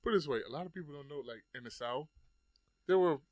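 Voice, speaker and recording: A man's voice: on the high side, fast, no echo. A man in his thirties chatting casually on a podcast, telling loose stories full of swearing and "like" fillers. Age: 30s. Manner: loose, profane storytelling with many "like" fillers. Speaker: podcast host.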